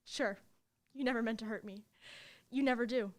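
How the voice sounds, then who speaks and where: A young woman's high voice, hurt and reproachful, as an actress reads the part. She plays a girlfriend who is firmly ending a relationship. It comes from a live reading of a new play. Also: normal speed, lightly acted. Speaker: stage actor in a play reading.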